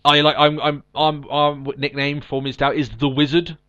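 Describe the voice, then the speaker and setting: A man's voice: fairly high pitch, flat delivery, normal speed, a bit bright, dull audio. A man co-hosting a podcast in casual chat, recapping with lots of ums and restarts. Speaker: podcast co-host.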